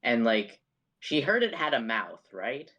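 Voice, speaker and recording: A man's voice: mid-range voice, big pitch swings, unhurried, sharp tone. A man playing a tabletop game, hesitant and full of fillers, narrating his character in the third person. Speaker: player. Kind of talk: tabletop game role-play.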